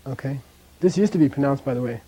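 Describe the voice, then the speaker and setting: A man's voice: mid-range voice, expressive, fast, dark tone, husky. A man teaching a language class in a classroom, chatty, often checking in with "okay?" and drilling pronunciation.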